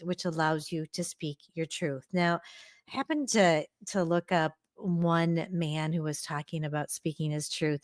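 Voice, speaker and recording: A woman's voice: fairly low pitch, no room sound. A middle-aged woman hosting a solo podcast, talking earnestly and encouragingly to her listeners in a close, reflective way. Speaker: podcast host.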